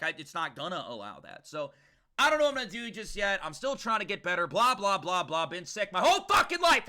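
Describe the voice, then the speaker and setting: A man's voice: high voice, sharp tone. A young man streaming, chatting casually and profanely with his viewers, joking loosely between rambles. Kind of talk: casual livestream chat to viewers.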